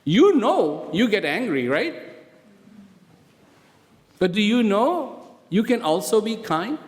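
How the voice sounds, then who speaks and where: A man giving a motivational talk to prison inmates, speaking slowly and deliberately and asking many rhetorical questions. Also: sits high, very animated. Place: prison hall. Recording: reverberant hall.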